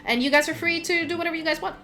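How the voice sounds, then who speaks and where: A woman's voice: very high voice, fairly even intonation, racing, pushed and bright, faint music behind. A woman narrating a tabletop game as game master, rambling with many ums and restarts.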